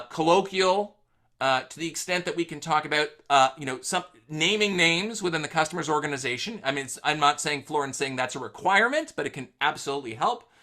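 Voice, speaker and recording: A man's voice: fairly high pitch, sharp tone. A man hosting a live webinar, telling an anecdote casually with lots of fillers before summing up sales tips. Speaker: host.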